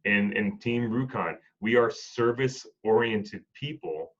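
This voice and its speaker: A man's voice: fairly low pitch, slow, muffled recording. A man telling heartfelt stories about hospice patients in a casual conversation, acting out both sides of the dialogue. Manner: reflective, acts out dialogue in stories. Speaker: hospice and home health worker, former Marine.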